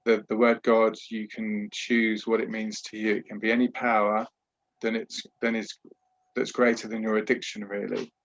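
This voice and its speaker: A man's voice: on the low side, level tone, moderate pace, muffled recording. A man working as a trauma therapist and talking earnestly in a podcast interview over a video call, explaining at length with frequent restarts. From Britain.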